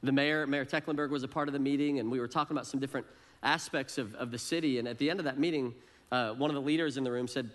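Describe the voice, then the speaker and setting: A man's voice: mid-range voice, steady tone, fast talker, a bit bright. A middle-aged male pastor preaching a sermon in a conversational, self-deprecating way, often repeating words as he starts a phrase.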